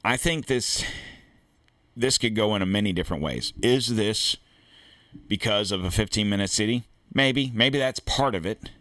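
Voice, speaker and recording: A man's voice: on the low side, fairly bright tone, dry recording. An American man hosting a political podcast, reading an article aloud and then breaking into blunt, profane asides. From United States. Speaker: podcast host. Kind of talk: opinionated commentary reading an article.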